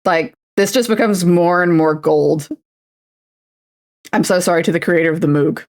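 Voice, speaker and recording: At normal speed, a Canadian woman in her twenties talks on her livestream while painting a miniature, her voice low-ish with a darkish tone. Playful and self-mocking, she slips into announcer voices.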